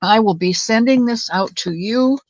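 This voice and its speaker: This woman's voice is a little high at a normal speed, captured with lo-fi sound. She runs a relaxed crochet livestream in her home craft room, chatty and greeting viewers by name while wandering off-topic.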